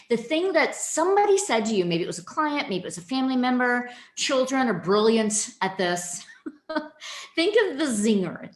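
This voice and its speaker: A woman giving a keynote training presentation, speaking directly and animatedly to her audience. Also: medium pitch. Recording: echoey room.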